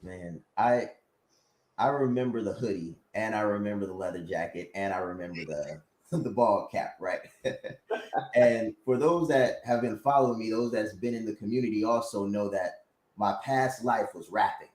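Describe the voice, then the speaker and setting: A man with a low voice co-hosts a podcast. He tells a reflective story in casual, relaxed talk, and his voice echoes off the room around him. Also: normal speed. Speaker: podcast co-host.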